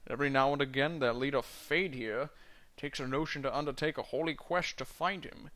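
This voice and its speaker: A man's voice: mid-range voice, fairly quick, a bit bright, natural voice. A man voicing a blunt old male dwarf miner in a mock Scottish accent, stumbling over the lines as he reads. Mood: gruff.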